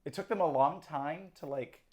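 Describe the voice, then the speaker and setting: A woman's voice: sits low, normal speed, warm tone. A woman co-hosting a podcast, summing up a TV episode in casual chat and laughing often. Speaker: podcast co-host. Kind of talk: casual chat recapping a TV show.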